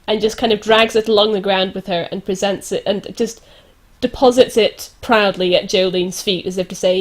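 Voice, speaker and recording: A woman narrating her part in a tabletop role-play with playful, giggly energy. Her voice sits at an ordinary middle pitch. She describes her character's actions with animated storytelling. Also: normal speed.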